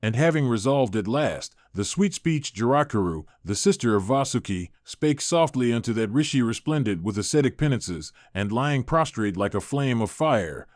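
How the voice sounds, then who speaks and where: A man narrating an old epic translation in a measured, formal audiobook reading. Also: mid-range voice, expressive, a little mellow, dry recording, studio quality.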